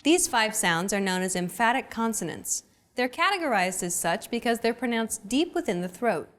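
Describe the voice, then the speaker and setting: A woman hosting a scripted language lesson, explaining clearly and evenly. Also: on the high side, very animated, normal speed, fairly bright tone. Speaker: lesson host.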